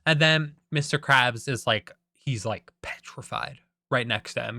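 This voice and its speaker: A young man talks through a movie plot in a loose, rambling way, full of "like" and self-deprecating asides. His voice is bright and forward, and the recording is dry and close. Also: medium pitch, unhurried, creaky, few pauses, dry recording. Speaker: vlogger. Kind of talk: casual rambling retelling.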